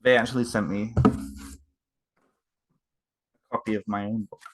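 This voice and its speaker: A man unboxing books in a casual home vlog, talking haltingly with many fillers and restarts, moved and emotional. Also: lowish voice, fairly even intonation.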